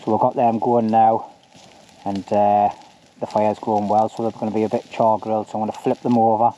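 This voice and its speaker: A man's voice: lowish voice, level tone, a little fast, mellow, highs cut off. A man casually narrating a bushcraft camping vlog by a campfire in the woods, chatty and joking, with plenty of "anyway" and "like". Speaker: bushcraft vlogger.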